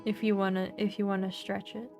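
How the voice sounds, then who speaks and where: A woman's voice: medium pitch, level tone, a little fast, darkish tone, faint music behind. A young woman streaming a game, chatting casually, giggling often and reading game text aloud.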